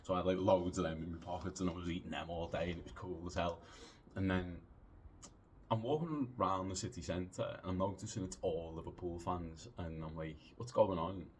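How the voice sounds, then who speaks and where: A deep-voiced man in his late thirties tells a long anecdote in a loose, chatty way. He rambles and restarts, swears casually and leans on fillers. There is a faint hiss of noise behind him. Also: fairly quick. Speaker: podcast storyteller.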